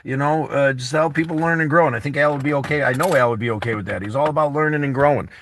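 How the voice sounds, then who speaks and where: A man's voice: medium pitch, fast talker, a bit bright, slight background noise. A man hosting a vlog, chatting casually with friends inside a camper van, rambling and candid, peppering his talk with "you know" and swearing. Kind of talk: casual chat.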